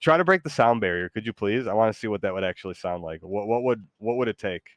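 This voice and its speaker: A man's voice: on the low side, lively intonation, fast talker, dry recording. A man hosting a casual chat, hesitant and giggly, full of ums and restarts. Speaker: streamer host.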